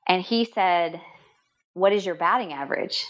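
A woman's voice: lowish voice, normal speed, a bit bright, highs cut off. A middle-aged woman telling heartfelt stories in conversation, earnest and emotional, with many restarts and fillers. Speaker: guest. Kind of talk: storytelling in conversation.

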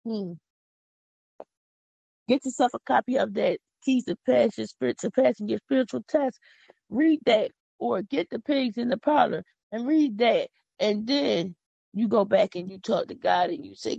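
Woman podcast host, gravelly and husky; fervent devotional preaching, dry close sound. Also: fairly high pitch, animated, moderate pace, a little mellow, no room sound, lo-fi sound. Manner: fervent, folksy, repeats words for emphasis. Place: home.

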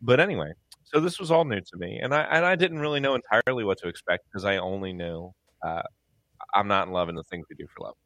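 Deep-voiced, laid-back male podcast co-host. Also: quick pace, fairly bright tone, no echo. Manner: laid-back, dry humor. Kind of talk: casual podcast chat.

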